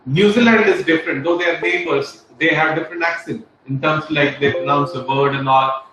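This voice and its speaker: A man's voice: fairly high pitch, a little fast, pushed and bright. A man giving an informal spoken lesson, rambling with many fillers and tag questions. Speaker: teacher. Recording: very echoey room, faint noise.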